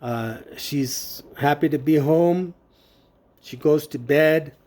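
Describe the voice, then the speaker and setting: A man giving personal testimony, telling a family story in a halting way with many pauses and fillers, acting out the dialogue he quotes. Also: on the high side, a little mellow.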